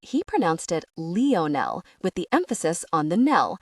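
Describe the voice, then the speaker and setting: A woman reads a first-person audiobook, her lowish voice leaping up and down as she slips into sarcastic asides. The tone stays wry and knowing throughout. The recording is close and completely dry, with no room sound. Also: sing-song, fairly quick, no room sound. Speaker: audiobook narrator.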